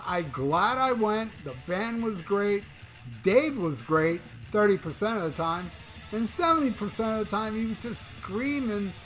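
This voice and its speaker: A man's voice: high voice, fairly bright tone. A man giving casual rock news commentary as a YouTuber, profane and mocking, often chuckling.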